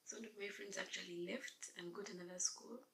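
A young woman with a low, gravelly voice spins an animated storytime for her viewers. Her delivery is exclamatory and chatty, and a faint hiss sits under the recording. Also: brisk. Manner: animated storytelling, acting out quoted dialogue; addresses viewers directly, exclamatory. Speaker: vlogger. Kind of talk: casual storytime.

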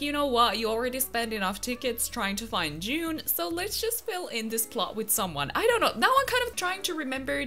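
A woman's voice: sits high, bright, forceful tone. A young woman vlogger giving casual commentary on her video game, dramatic and exasperated, laughing often. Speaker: gaming vlogger.

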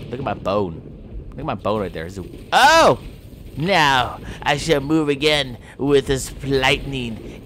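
A man's voice: medium pitch, a bit bright, slight background noise. A man playing a video game and commenting playfully, taunting his opponent in a theatrical mock-villain manner with old-fashioned phrasing and sound effects. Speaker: gameplay commentator.

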